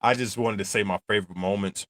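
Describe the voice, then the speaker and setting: A man hosts a casual reaction video, rambling freely and breaking into frequent laughter. His speaking voice sits on the low side. The recording is close and dry, with almost no room sound. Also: fast, dry recording. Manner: animated, rambling, laughs often. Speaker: channel host reacting to a film.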